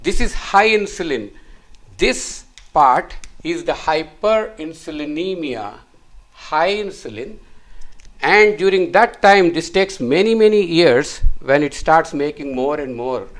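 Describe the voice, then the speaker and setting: A man's voice: on the high side, lively intonation, slow pace. A middle-aged man, a physician, explaining a chart step by step as he draws it, repeating words for emphasis. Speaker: physician teaching. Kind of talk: whiteboard medical lecture.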